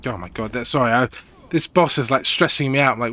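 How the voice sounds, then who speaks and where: A young man talks casually through a live gaming stream, wandering from point to point with plenty of swearing. His voice is bright and forceful, at an ordinary pitch for a man. The chat stays loose and laid-back, like he is thinking out loud. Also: quick pace, a little hiss or hum.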